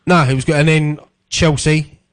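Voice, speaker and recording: A man's voice: a little high, fairly even intonation, moderate pace. A man with a Cockney accent co-hosting a radio show, talking football in an easygoing, jokey way. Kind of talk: casual football chat.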